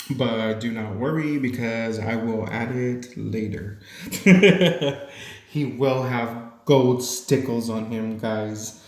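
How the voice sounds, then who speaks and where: A playful, chatty man talks through a craft tutorial in a relaxed voice-over, laughing easily as he goes. His voice sits at an ordinary middle pitch. The recording carries a noticeable room echo. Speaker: crafting channel host. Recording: echoey room.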